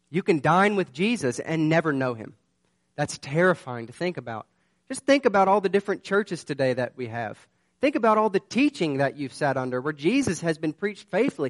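A man's voice: on the high side, no room sound. A man preaching a sermon. He tells a personal story in an earnest, conversational way and turns it into urgent warnings. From southern United States. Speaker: pastor.

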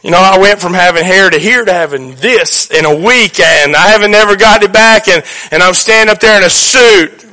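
A man's voice: high voice, normal speed, bright, forceful tone. A man preaching a sermon as pastor, folksy and joking, with strong emphasis.

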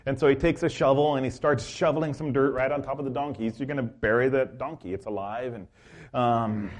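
A man preaching a sermon as pastor, telling a story with many fillers and restarts. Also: fairly high pitch.

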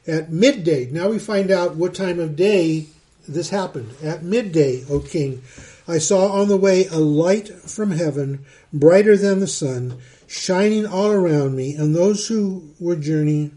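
A middle-aged pastor with a mellow, high-sitting voice reads Bible verses and explains them in a conversational teaching style. He often repeats words while thinking.

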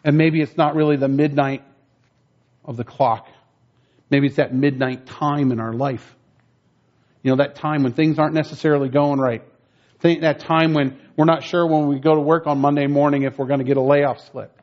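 A man's voice: fairly high pitch, steady tone, normal speed, muffled recording. A man preaching a conversational sermon, telling stories in a folksy way and building up emphasis on his main points. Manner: folksy, storytelling, rising emphasis on key points.

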